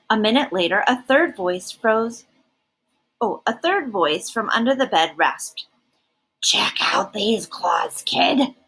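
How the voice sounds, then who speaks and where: A woman reading a picture book aloud with lots of lift and fall in her voice. Her tone is bright and breathy. She takes her time over every line. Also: mid-range voice, rough recording. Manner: animated and expressive. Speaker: storybook reader.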